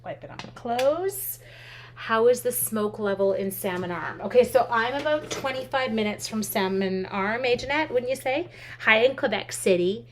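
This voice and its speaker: A woman's voice: fairly high pitch, normal speed. A woman hosting a live stamping demo, chatty and upbeat, thinking aloud and answering viewer comments. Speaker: craft instructor and live stream host. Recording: steady background noise with clicks.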